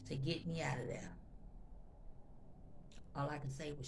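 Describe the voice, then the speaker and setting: Very gravelly woman telling a story. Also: deep voice, fairly even intonation, measured pace, pauses often, background noise. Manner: chatty, addresses viewers directly, repeats phrases for emphasis; emotional, intense when recounting. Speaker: storytime vlogger. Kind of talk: casual storytelling to viewers.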